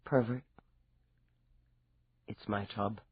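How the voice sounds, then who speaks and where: A man's voice: on the low side, steady tone, extremely slow, breathy edge, dry recording, pitched below the performer's own voice, heavily acted. A man voicing a blunt, tired woman police lieutenant who speaks in clipped, curt replies, in a dull recording.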